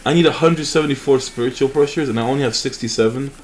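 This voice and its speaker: A man's voice: mid-range voice, fast, a little hiss or hum. A young man hosting a mobile game channel, chatting casually and rambling with fillers and restarts over his gameplay.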